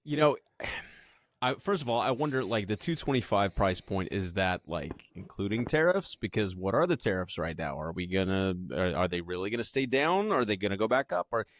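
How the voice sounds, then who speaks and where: Animated man co-hosting a podcast. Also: lowish voice, fairly quick, dry recording, clean studio sound. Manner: animated, thinks aloud with many restarts. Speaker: podcast co-host. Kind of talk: casual chat.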